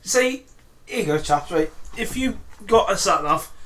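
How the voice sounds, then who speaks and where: Bright, excitable guy, swearing freely. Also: sits high, unhurried. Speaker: podcast co-host. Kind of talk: casual banter.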